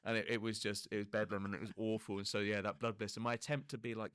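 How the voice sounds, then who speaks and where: Fast-talking man telling comic stories. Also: no echo, studio quality. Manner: animated, self-mocking, swears freely; acts out quoted people with pitch jumps. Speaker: podcast guest telling stories. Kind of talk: casual comic storytelling.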